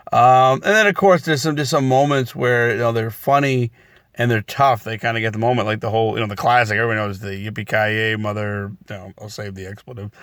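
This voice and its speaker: A man's voice: fairly bright tone, no echo. Guy rambling about movies, lots of ums and restarts, dry close sound. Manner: rambling, many fillers and restarts; acts out quoted lines in a higher voice. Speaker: movie reviewer. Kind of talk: casual spoken review.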